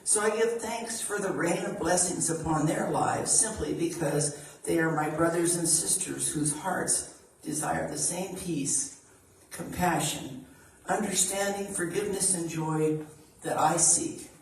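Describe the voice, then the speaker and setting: A woman's voice: on the low side, a little slow, slight background noise. Woman reading aloud in a hall. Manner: calm, earnest reading aloud. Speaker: reader. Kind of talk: spiritual reading. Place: church hall. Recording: echoey hall from far off.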